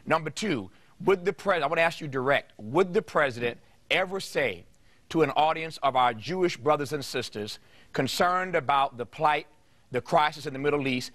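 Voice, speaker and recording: Talk show host guy pushing hard on his guest, fairly high voice, punchy questions. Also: lively intonation, moderate pace. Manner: forceful, pointed rhetorical questions. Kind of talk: TV interview.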